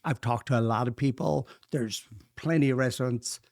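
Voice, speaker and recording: An upbeat Irish man in his sixties chats easily about his business plans. His voice sits at a middle pitch. The sound is close and dry, with no room echo. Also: steady tone, normal speed, a little mellow. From Ireland. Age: 60s. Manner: upbeat, chatty, swears freely. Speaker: guest, pub owner. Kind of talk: casual chat.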